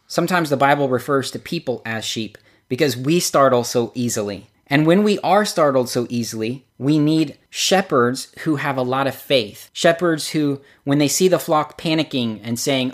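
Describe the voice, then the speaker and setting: A man's voice: medium pitch, moderate pace. A man preaching a sermon, telling stories and acting out the quotes he gives. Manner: storytelling, acts out quotes with lively shifts. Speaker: pastor.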